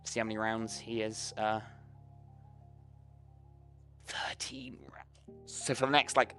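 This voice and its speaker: A man's voice: on the low side, flat delivery, fairly quick, fairly bright tone. Guy running a tabletop game, casual sweary narration, faint music behind. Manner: loose, swearing narration with frequent ums. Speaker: game master.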